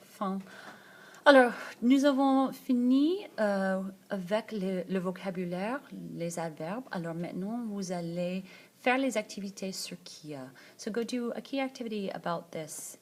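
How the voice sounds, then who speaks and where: Woman teaching French vocabulary, slow repeats. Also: medium pitch. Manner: slow, repeats words twice for the learner. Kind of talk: screencast language lesson. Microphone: tablet screencast.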